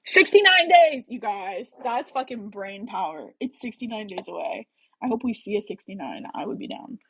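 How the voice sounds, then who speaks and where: Hey, rambly young american woman, bit husky, lots of likes and ums, dry sound. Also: medium pitch, animated, a little fast, darkish tone, dry recording, rough recording. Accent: general American. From American Midwest. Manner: rambling, heavy on fillers, swears casually. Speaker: book club livestream host. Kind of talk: casual livestream chat.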